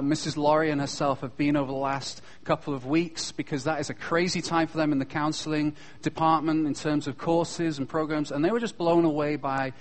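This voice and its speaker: A British man addresses a room of students at chapel, teasing them with dry humor about accents. His voice sits noticeably high for a man and carries an easy, playful storytelling rhythm. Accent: British English. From Britain. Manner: joking, self-deprecating, lively storyteller. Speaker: school chapel speaker.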